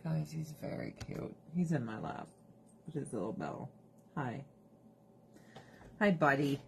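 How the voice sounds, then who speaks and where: A woman's voice: low voice, big pitch swings, unhurried, gravelly, a little hiss or hum. A woman ranting bluntly and swearing on a casual livestream while doing her skincare, breaking into laughs between remarks. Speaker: livestream host.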